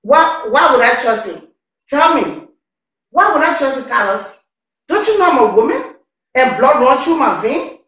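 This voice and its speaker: A woman's voice: high-pitched, very animated, normal speed, a bit bright, highs cut off. An actress with a Liberian English accent playing a suspicious young wife, scolding her husband for his lies. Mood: accusing. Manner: accusing, scolding. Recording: echoey room.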